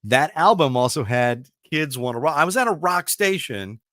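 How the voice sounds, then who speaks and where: Animated middle-aged male radio host. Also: on the high side, moderate pace, no room sound, clean studio sound. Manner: rambling, animated storytelling with restarts. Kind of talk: casual radio chat about music.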